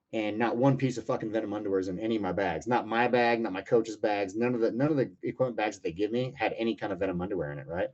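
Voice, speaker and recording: Brief: man in his thirties, low-voiced, rapid, profane storyteller, rambling with fillers. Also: darkish tone. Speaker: UFC lightweight fighter, interview guest. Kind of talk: casual storytelling interview. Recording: muffled lo-fi audio.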